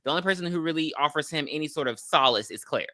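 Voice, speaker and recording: Woman, podcast co-host, casual recap, blunt and animated, bright, dry room. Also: deep voice, quick pace, no room sound. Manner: animated, swearing, frequent ums and laughs. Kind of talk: casual movie recap chat.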